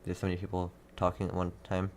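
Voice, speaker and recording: A young man hosting live storm coverage, reading out town after town and answering chat, halting and repeating himself. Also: low voice, completely flat delivery, a little mellow, a little hiss or hum. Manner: rapid town-by-town updates, halting and repetitive. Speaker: livestream weather host.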